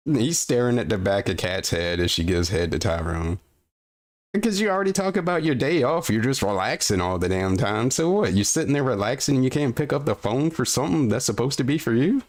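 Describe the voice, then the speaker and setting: A man's voice: medium pitch, expressive, fairly quick. A man streaming, reacting to a video with incredulous, ranting commentary and casual swearing.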